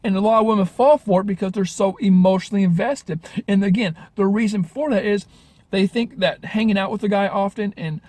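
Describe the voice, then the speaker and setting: Male vlogger coaching on dating, slightly high voice, meandering and earnest, dead dry sound. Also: brisk, darkish tone, no echo. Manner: rambling, earnest, frequent self-corrections. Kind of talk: casual advice vlog.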